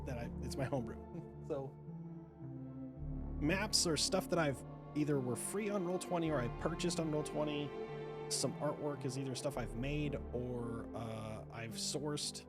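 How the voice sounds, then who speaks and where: A man's voice: mid-range voice, a little slow. A man hosting as dungeon master, chatting casually and loosely on a call during a break, with frequent restarts and laughs. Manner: rambling, many restarts, laughs often. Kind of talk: casual chat during a livestreamed game break. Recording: background music under the voice.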